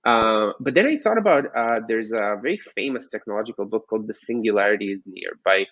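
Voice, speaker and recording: A man in a mid-pitched voice explaining ideas with enthusiasm and plenty of fillers. The recording is dry and a bit dull, with no room sound. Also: lively intonation, brisk, fairly bright tone, no room sound. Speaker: podcast co-host. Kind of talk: casual chat about finance.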